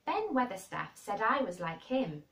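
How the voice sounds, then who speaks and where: A woman's voice: medium pitch, sing-song, fairly bright tone, voice pushed up. A woman voicing a blunt, plain-spoken girl who talks frankly and earnestly. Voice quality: frank and brisk. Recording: roomy and distant.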